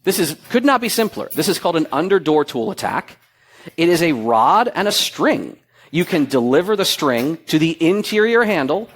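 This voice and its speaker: A middle-aged man speaking on stage to a conference audience, his voice sitting a touch high and swinging widely up and down. He tells stories with relish and acts out the quoted voices in them. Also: a little hiss or hum. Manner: animated storyteller, acts out quoted dialogue. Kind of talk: lively conference talk.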